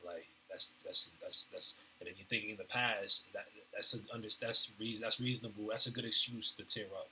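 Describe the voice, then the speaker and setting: A man rambling through a casual stream-of-consciousness monologue, halting often with fillers and restarts in slangy everyday talk. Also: fairly low pitch, pushed and bright, a little hiss or hum, poor audio. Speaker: vlogger.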